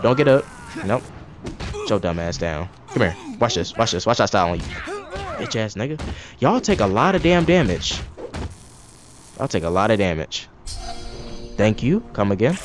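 Low-voiced man swearing through gameplay. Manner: profane, reactive trash talk at the game; rambling asides with many restarts. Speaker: gaming channel host. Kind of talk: casual gameplay commentary.

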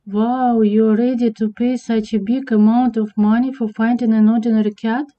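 A woman's voice: on the high side, level tone, moderate pace, close to an everyday voice. A woman voicing a polite cartoon newspaper clerk. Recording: dull lo-fi recording.

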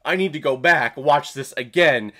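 A man's voice: on the high side, moderate pace, sharp tone. A young man giving a casual, enthusiastic movie review, laughing often.

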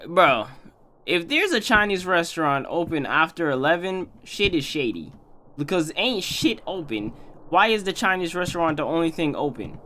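A man's voice: fairly high pitch, big pitch swings, moderate pace, sharp tone, slight background noise. Slangy man ranting over a game. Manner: slangy, rambling jokey rants, says "bro" constantly. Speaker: gaming YouTuber. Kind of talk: horror game let's play commentary. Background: game music.

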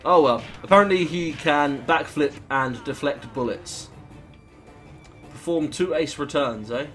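A man's voice: on the high side, unhurried, a bit bright, soft background music. A young British man giving rambling, jokey, sweary commentary while playing a video game. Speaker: gaming YouTuber. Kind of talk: gameplay commentary.

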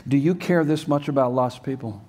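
A man's voice: mid-range voice, fairly quick, a little mellow. An older man preaching a sermon as a pastor in a church sanctuary, earnest and emphatic, with many rhetorical questions.

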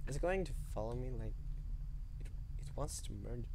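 A man's voice: mid-range voice, animated, fairly quick, pauses often, a little mellow, slight background noise. A man hesitantly commenting on a horror game, with lots of fillers, yelping and swearing at the scares. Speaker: let's play gamer.

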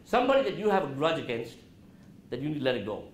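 A man giving an interactive talk to a college class, asking the students questions and dropping his voice low to show calm. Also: quick pace. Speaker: guest speaker at a college business class. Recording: roomy classroom with faint noise.

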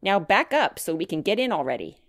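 Woman doing a gruff, serious little boy. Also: medium pitch, sing-song, a little fast, no room sound, clean studio sound, lightly acted. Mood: firm. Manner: gruff, firm.

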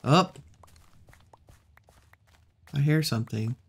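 A woman hosting a relaxed let's-play, musing aloud and chatting to the animals she meets in the game. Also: very deep voice, takes it slowly, vocal fry, husky. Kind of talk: relaxed gameplay commentary.

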